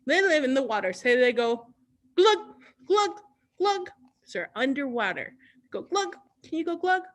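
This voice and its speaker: A woman's voice: sits high, sharp tone. A woman hosting an online children's storytime, cheerfully singing songs and mixing in Spanish words. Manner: cheerful, sings along, mixes in Spanish words. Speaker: library storytime host.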